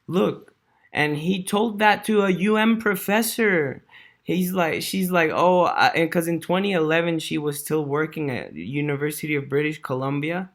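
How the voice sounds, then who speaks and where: A man's voice: fairly high pitch, normal speed, fairly bright tone. A man ranting casually to camera in a slangy, rambling way, full of fillers, swearing, dude and bro. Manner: rambling, restarts, chuckles to himself. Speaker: vlogger.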